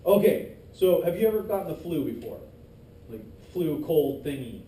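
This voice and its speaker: A man teaching an anatomy class in a lively, joking way, teasing his students as he goes. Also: fairly high pitch, normal speed. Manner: lively, jokey, teases students. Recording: echoey classroom, distant mic, faint hiss.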